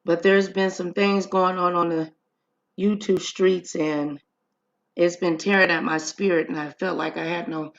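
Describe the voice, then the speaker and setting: A woman hosts a casual livestream on a streaming setup, chatting directly and sociably with her viewers. Her voice is on the low side with little pitch movement, her pace is unhurried, and the audio sounds dull.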